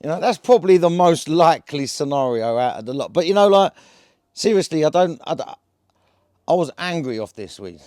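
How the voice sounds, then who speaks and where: A man's voice: fairly high pitch, lively intonation, brisk, darkish tone, no room sound, clean studio sound. A man talking casually to camera in a rambling vlog. His speech is slangy and loose, full of fillers and "yeah?" checks. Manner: slangy, chatty, full of fillers and tag questions. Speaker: cannabis vlogger.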